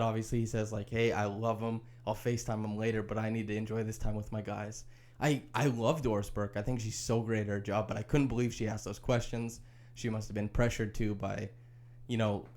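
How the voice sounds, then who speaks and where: Podcast host, male, mid-pitched and mellow, opinionated play-by-play recapper. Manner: animated, opinionated play-by-play retelling. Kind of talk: casual sports podcast recap.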